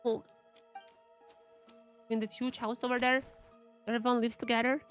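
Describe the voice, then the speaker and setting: A woman's voice: fairly high pitch, little pitch movement, normal speed, faint music behind. A young woman streaming a game, chatting casually and thinking aloud as she reads the game's text. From Eastern Europe. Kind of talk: casual gameplay commentary.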